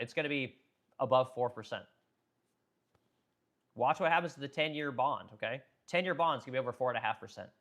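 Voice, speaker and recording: A man's voice: medium pitch, fairly bright tone. A middle-aged man and business owner ranting heatedly on a livestream, swearing often, repeating himself and stumbling over his words. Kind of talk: heated political rant on a livestream.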